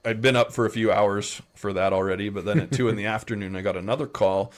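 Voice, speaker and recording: A middle-aged man with a Utah American accent, telling rambling anecdotes in a relaxed interview, slipping into playful quoted voices. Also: fairly low pitch, fast talker. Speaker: podcast guest. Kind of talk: casual storytelling interview.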